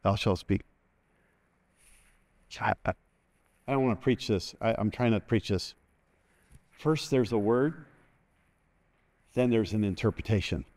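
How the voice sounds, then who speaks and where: A man's voice: fairly low pitch, measured pace, long pauses, darkish tone. An older man preaching a sermon as pastor, folksy and joking, leading the congregation in call-and-response.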